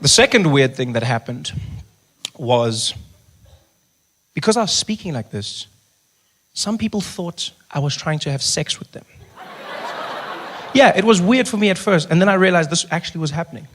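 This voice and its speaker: Animated South African male comedian. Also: a little high, normal speed, pauses often. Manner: animated storytelling, swings to soft hushed talk. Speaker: stand-up comedian. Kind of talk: stand-up comedy. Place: comedy club stage.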